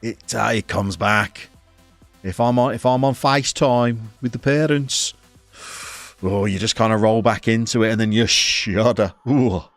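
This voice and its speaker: A man with a soft Birmingham accent commentates his football management game in a wry, self-mocking way and chats with viewers. His voice sits fairly low and sounds dry and close, with faint music underneath. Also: unhurried, no room sound. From English Midlands. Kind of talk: casual live-stream commentary.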